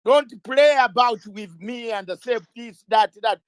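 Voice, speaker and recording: A middle-aged man with a notably high-pitched voice holds forth in an interview like a lawyer making a case. He speaks emphatically, stacks up rhetorical questions and repeats key words. The sound is dry, with almost no room echo. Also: a little slow, clear, resonant tone. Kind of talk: impassioned interview talk.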